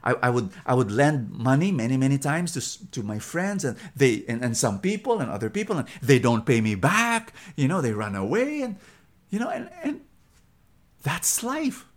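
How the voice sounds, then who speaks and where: Animated Filipino preacher with a lively voice. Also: male voice, medium pitch, moderate pace. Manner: animated, repetitive, emphatic, laughs easily. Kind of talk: sermon with storytelling.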